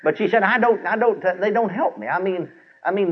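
An older man preaching a sermon, telling a story with folksy, animated delivery and acting out the voices he quotes. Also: high voice, a little fast, breathy edge. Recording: dull lo-fi old sermon recording.

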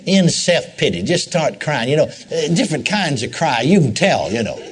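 A male preacher tells a story in a sermon, in a folksy way full of asides to the congregation. His voice sits a little high and swings widely in pitch. He repeats phrases to drive his points home. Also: very animated, normal speed.

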